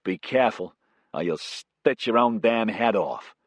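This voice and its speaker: A man reading an audiobook voices a coarse, injured American pilot with a New York accent, gruff and sneering. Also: lowish voice, lively intonation, measured pace, no echo.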